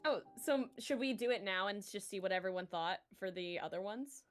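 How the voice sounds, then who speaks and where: A woman's voice: medium pitch, brisk, faint music behind. A woman co-host in casual group chat on a livestream, chatty and jokey. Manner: chatty, jokey, runs the poll talk. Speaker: streamer co-host.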